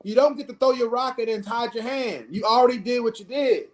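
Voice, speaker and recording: A man with a notably high speaking voice argues his case in a casual podcast debate. He talks in an animated way and leans on rhetorical questions to make his point. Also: fairly quick, a loud crowd. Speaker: podcast co-host. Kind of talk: casual debate among friends.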